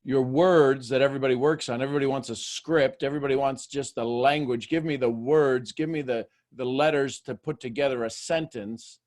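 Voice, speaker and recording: A man hosting a motivational talk, firing rhetorical questions at listeners and swinging between hushed asides and loud bursts. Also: medium pitch, fairly even intonation, fairly quick, few pauses. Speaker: host.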